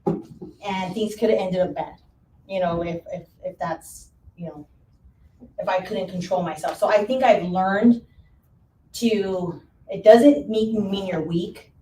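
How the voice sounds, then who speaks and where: A woman real estate agent shares a story with a room full of listeners. She talks in a lively way, acts out the quotes, and laughs easily. She is heard from a distance, with echo and a faint hiss of room noise around her. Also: mid-range voice, slow, pauses often. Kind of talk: panel talk, telling a story.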